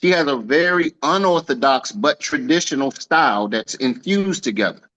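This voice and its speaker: A man giving a casual celebratory speech on a video call, telling a lively slangy story and acting out the dialogue. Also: medium pitch, normal speed, lo-fi sound. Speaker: team leader honoring an agent.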